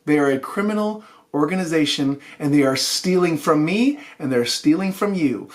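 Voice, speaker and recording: A young man with a high voice hosts a casual weekly news show. He talks in a heated, ranting manner straight to his viewers. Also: animated, normal speed. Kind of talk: casual news rant to camera.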